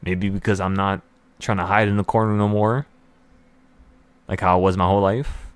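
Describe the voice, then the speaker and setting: A trading-channel host delivers an intense, rambling motivational monologue, bursting with excitement and repeated words. His voice sits low and sounds clear and resonant at a moderate pace, with no room sound.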